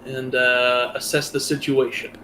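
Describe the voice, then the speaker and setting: A man's voice: medium pitch, flat delivery, a little slow, bright, forceful tone, a little hiss or hum. A man playing a tabletop role-playing game, talking casually with dry amusement. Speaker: player.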